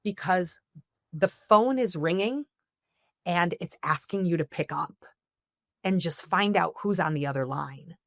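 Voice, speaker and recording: A woman's voice: lowish voice, measured pace, dry recording, studio quality. A woman speaking as a therapist guest on a podcast, giving earnest advice and checking in with "okay?" often.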